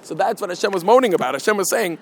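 Guy a high voice teaching gemara, halting, lots of "a, a, a", little background hiss. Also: expressive. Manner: halting, with many repeated filler words. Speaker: Torah teacher. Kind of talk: Talmud lesson, translating Hebrew and Aramaic phrase by phrase.

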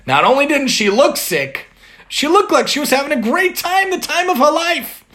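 A man's voice: very high-pitched, big pitch swings, normal speed, sharp tone. A man earnestly giving a religious moral lesson and reading a story aloud. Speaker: religious teacher.

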